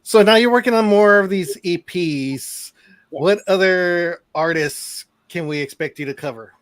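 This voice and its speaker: A man's voice: sits high, unhurried, no room sound. A man co-hosting a talk show, putting short, direct questions to a guest. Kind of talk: casual interview chat.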